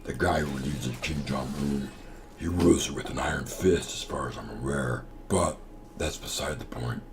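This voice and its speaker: Brief: man putting on a low gravelly deadpan guy, dry delivery, noisy background. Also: normal speed. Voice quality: deep, gravelly. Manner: dry, matter-of-fact. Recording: audible background noise.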